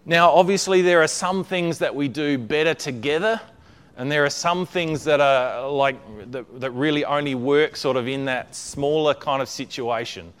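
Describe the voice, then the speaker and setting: A man's voice: fairly high pitch, normal speed, clear, resonant tone. A man preaching a conversational sermon, often checking in with his listeners and repeating words as he builds a point.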